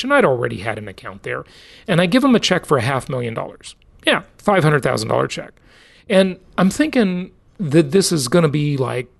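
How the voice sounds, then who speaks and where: A middle-aged man hosts a podcast in a casual monologue. His voice swings widely up and down and has a gravelly edge. He talks in an emphatic, salesy way. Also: a little high. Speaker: podcast host.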